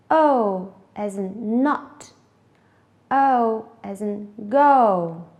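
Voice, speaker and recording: Slow, careful woman teacher. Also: medium pitch, mellow. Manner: slow, clear, deliberate pronunciation drills. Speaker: English teacher. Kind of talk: classroom instruction. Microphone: TV lesson voice-over.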